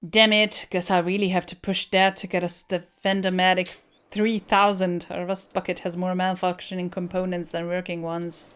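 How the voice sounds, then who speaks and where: A woman playing a video game, reading the on-screen text aloud and breaking off with blunt swearing and quick asides. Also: lowish voice, little pitch movement, clean tone.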